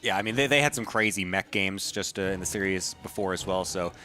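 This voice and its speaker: A young man co-casting a live esports match, giving steady analytical play-by-play. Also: sits low, a little fast, faint music behind. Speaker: esports co-caster.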